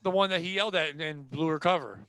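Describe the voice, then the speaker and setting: A man hosting a podcast, telling casual comedic stories in an animated, profane way and acting out the people in them. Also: on the high side, quick pace. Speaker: podcast host.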